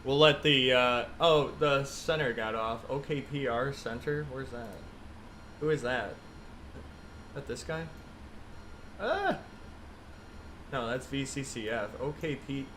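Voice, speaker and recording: Male streamer, casual chat, thinks aloud through cockpit checklists, medium pitch, faint background hum. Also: a little slow. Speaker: flight sim streamer. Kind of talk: casual live-stream commentary.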